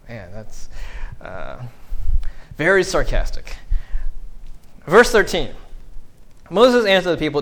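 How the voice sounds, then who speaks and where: Animated man preaching a casual sermon. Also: on the high side, slow, long pauses. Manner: conversational, animated, acts out quotes with sarcasm. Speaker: pastor.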